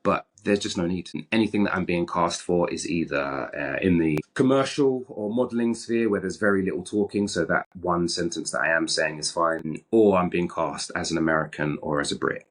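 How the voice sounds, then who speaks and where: A British man with a very low voice talks openly in an interview. He is animated and frank, and he often repeats his opening words before he finishes a thought. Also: moderate pace, hardly any pauses. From Britain. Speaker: actor, guest. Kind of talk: candid interview conversation.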